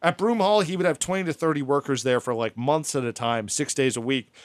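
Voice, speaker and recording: Animated storytelling man, dry close sound. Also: medium pitch, fairly quick, no echo. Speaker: podcast co-host telling a story. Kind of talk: casual chat.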